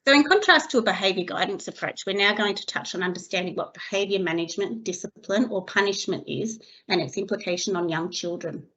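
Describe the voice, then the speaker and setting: A woman giving a scripted training webinar for early childhood educators, reading her slides in a steady, measured way. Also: mid-range voice. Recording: slightly dull lo-fi recording.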